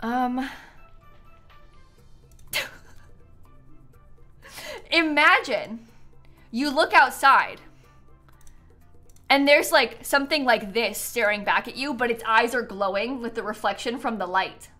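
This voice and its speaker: A young adult woman chatting casually on a live stream, animated and prone to breaking into laughter. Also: a little high, slow, long pauses, soft background music.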